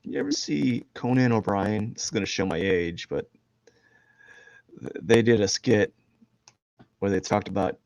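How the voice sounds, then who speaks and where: Gravelly, rambling man chatting while drawing. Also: lowish voice, unhurried, long pauses, a little mellow, no room sound. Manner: rambling, jokey, self-deprecating, laughs a lot. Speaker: streaming artist. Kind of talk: casual chat while drawing on a live stream. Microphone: headphones and desk mic.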